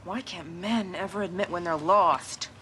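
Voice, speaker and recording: A woman's voice: fairly low pitch, a little slow, fairly bright tone. An actress playing a visiting tourist woman, teasing and a little flirty. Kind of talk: sitcom acting. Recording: noisy TV sitcom audio.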